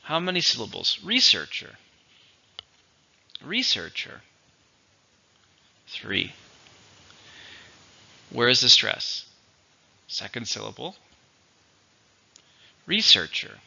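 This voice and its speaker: A man teaching English vocabulary, speaking slowly and deliberately and repeating each word for pronunciation. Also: mid-range voice, vocal fry, bright, forceful tone, highs cut off. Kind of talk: vocabulary lesson with dictation.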